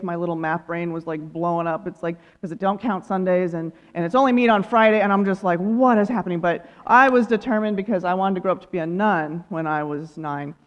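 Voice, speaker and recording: A woman preaching a light, self-amused sermon, her voice carrying through a reverberant sanctuary. The sound is a little dull and muffled. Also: lowish voice. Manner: humorous, self-amused, laughs often. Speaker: guest speaker, ministerial student. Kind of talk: sermon with personal stories. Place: church sanctuary.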